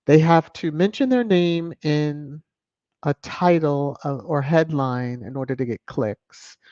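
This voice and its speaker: A woman's voice: low-pitched, slow, no room sound. Chatty woman livestreamer with dull lo-fi sound. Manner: chatty, opinionated, expressive. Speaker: livestream host. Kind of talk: casual livestream chat, reading viewer comments. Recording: dull lo-fi home stream audio.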